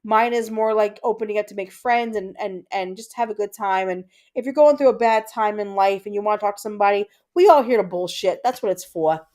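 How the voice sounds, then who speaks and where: A woman's voice: medium pitch, a little fast, few pauses, a little mellow. A woman in her thirties with a Puerto Rican accent, hosting a casual livestream and chatting with viewers, reading comments aloud and rambling with fillers. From Puerto Rico. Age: 30s. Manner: chatty, reads out chat comments, frequent fillers and repeats. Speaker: livestream host.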